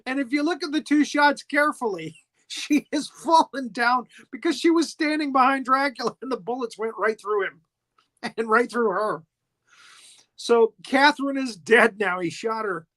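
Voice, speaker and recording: A man's voice: very high-pitched, normal speed, a bit bright. A man hosting a podcast, recapping an old film in a chatty, playful way with frequent giggles. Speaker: podcast host.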